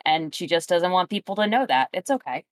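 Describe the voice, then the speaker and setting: A woman's voice: on the low side, expressive, a little fast, no echo. Rambling woman running a tabletop game. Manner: rambling, many fillers. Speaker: game master. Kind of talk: casual tabletop game chat.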